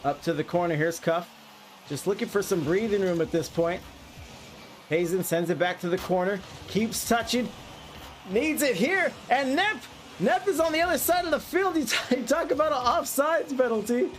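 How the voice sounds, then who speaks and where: A man calling an online esports match play by play, getting excitable and yelling at the big plays. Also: very high voice, normal speed. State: out of breath. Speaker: esports caster. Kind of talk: play-by-play commentary.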